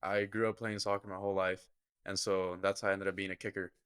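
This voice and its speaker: A man's voice: deep voice, level tone, fast, a bit bright, clear, resonant tone, no echo. A young man, a guest on a podcast, earnestly telling a personal story in vivid detail. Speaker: podcast guest, football kicker. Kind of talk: personal storytelling in a casual interview.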